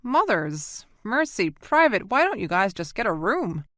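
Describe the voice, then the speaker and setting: A woman reading the part of a male marine commander who gives clipped, crisp orders in an audiobook. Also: mid-range voice, animated, moderate pace, a bit bright, no room sound, clean studio sound, pitched above the performer's own voice. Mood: brisk.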